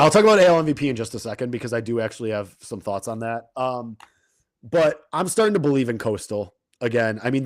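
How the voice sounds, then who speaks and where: A man talks through his sports bets in relaxed podcast chat. He rambles and restarts his sentences often. His voice sits in a middle range, and the sound is dry and close. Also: medium pitch, no echo. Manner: talks fast with frequent restarts and fillers. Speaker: sports betting co-host.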